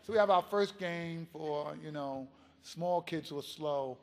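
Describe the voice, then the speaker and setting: A man giving a keynote speech, telling a story in an impassioned, animated way. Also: fairly high pitch, unhurried, in a large hall, background noise. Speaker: keynote speaker.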